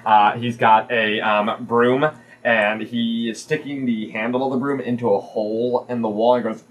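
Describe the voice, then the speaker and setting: A man's voice: mid-range voice, flat delivery, normal speed. A man narrating as game master in a tabletop game, hesitant and full of fillers.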